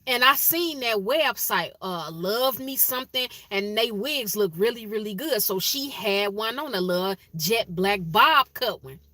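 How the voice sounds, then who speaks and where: A woman telling a personal story to her viewers in a casual, animated way, jumping high in pitch when she acts out what people said, and turning to direct advice for her listeners. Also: unhurried, hardly any pauses, no room sound. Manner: animated, acts out quotes with sharp pitch jumps; conversational, addresses listeners directly.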